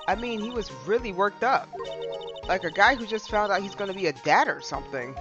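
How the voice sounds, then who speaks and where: A man's voice: sits high, brisk, pitched above the performer's own voice. A man voicing a playful, teasing teenage girl assistant from a legal game. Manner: teasing, bubbly. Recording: dull lo-fi stream mic. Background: game music.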